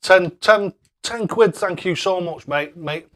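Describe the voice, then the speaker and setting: A man's voice: high-pitched, takes it slowly, very noisy. A man hosting a casual live stream, chatting away and thanking viewers by name with matey banter. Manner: matey banter, calls people mate.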